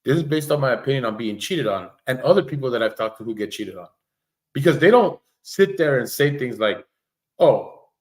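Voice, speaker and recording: Blunt rambling man commenting on a stream. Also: mid-range voice. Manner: blunt, rambling, profane, with many restarts. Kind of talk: casual commentary on a livestream.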